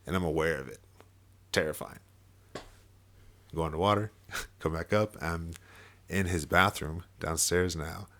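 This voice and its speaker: A man's voice: low voice, a little slow, long pauses, pushed and bright. A young man telling a personal story in casual podcast chat, full of fillers and swearing and with bursts of laughter. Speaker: podcast guest.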